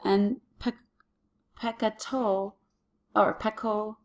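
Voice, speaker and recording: A woman's voice: medium pitch, level tone, slow, darkish tone. A woman teaching a Latin lesson to children on video, working patiently through a worksheet and talking herself through each step.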